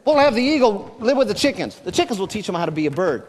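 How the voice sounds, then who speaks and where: A man's voice: high voice, very animated, fast. A man voicing a plain-spoken farmer puzzling aloud about what to do. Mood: musing. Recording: long hall reverb.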